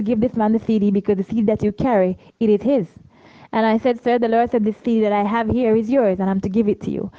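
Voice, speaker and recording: A woman's voice: a little high, no echo, muffled recording. Jamaican woman telling a testimony. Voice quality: animated, voices the people in her story. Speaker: travelling preacher. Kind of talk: testimony storytelling.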